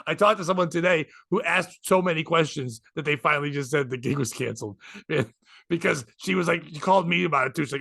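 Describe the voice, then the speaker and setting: A man's voice: fairly high pitch, quick pace, gravelly, bright, forceful tone, no room sound. A man co-hosting a podcast, telling a long rambling story in casual comedic chat. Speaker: podcast co-host.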